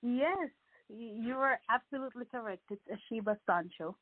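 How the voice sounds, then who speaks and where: Jamaican-born woman guest, soft-spoken, on a dry, phone-thin line. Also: fairly high pitch, normal speed, no echo, narrow, tinny audio. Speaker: wellness coach guest. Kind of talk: interview answers.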